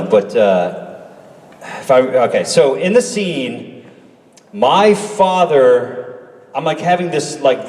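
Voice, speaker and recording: A man telling stories casually on a convention panel, acting out other people's lines as he goes. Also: medium pitch. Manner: animated storyteller who acts out other people's lines. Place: large convention hall. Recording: echoey hall from far off.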